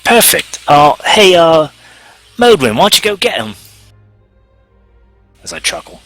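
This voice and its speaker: A man's voice: fairly high pitch, sing-song, measured pace, a bit bright, no room sound, faint music behind. A man playing his character at a tabletop game, jovial and easygoing. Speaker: player. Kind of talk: tabletop role-play, casual.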